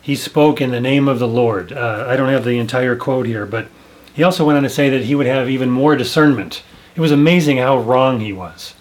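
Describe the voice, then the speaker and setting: A man's voice: mid-range voice, brisk. Earnest man in religious commentary. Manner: earnest, searching for words, emphatic. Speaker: host.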